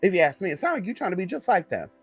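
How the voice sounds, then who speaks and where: A sassy young man from the Southern US chats to his live-stream viewers in a fairly high voice. He keeps calling them honey and sinks into low, muttered asides. His voice sounds dry and close, with faint music underneath. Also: sing-song, very fast, breathy edge, no room sound. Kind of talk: casual live-stream chat.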